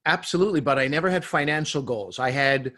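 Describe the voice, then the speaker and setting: A man, a comedian guest, telling lively anecdotes in casual chat, acting out quotes as he goes. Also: a little high, fast, no echo. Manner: animated anecdotes with acted-out quotes.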